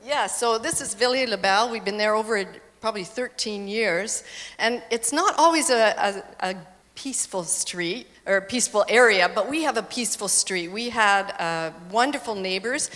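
A woman's voice: medium pitch, expressive, normal speed, a bit bright. A woman telling stories during a church slide presentation, chatty and engaging the audience with questions. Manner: chatty, quizzes audience, laughs easily. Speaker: missionary presenter. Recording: reverberant hall.

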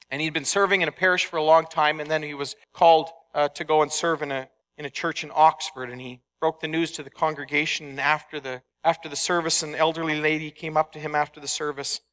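Male pastor, high and bright voice, emphatic sermon delivery with a casual touch. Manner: conversational, emphatic preaching with anecdotes. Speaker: preacher. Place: church sanctuary. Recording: long hall reverb.

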